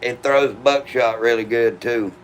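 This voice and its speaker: A man's voice: medium pitch, steady tone, measured pace, a little hiss or hum, rough recording. A man hosting a gun channel, answering live chat questions in a laid-back, profane, drawling way. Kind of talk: casual livestream chat.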